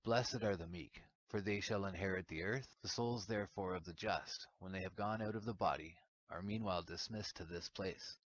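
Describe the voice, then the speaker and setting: A man's voice: low voice, normal speed, a bit bright. A man voicing a stern, solemn male angel who guides and instructs, in a grave reading voice. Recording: dull lo-fi recording.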